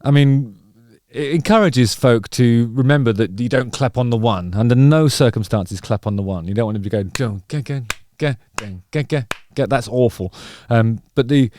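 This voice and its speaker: A man's voice: mid-range voice, normal speed, darkish tone, dry recording. A middle-aged man hosting a casual music video reaction, rambling and wry with playful digressions.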